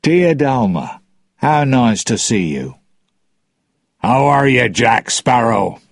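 A man's voice: medium pitch, big pitch swings, slow, no room sound, clean studio sound, voice pushed up, exaggerated voice. A man reading aloud, voicing a mysterious woman seer with a knowing tone.

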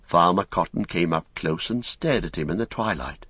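A man narrating an audiobook in a measured storytelling manner. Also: deep voice, animated, fairly bright tone, slightly rough, dry recording.

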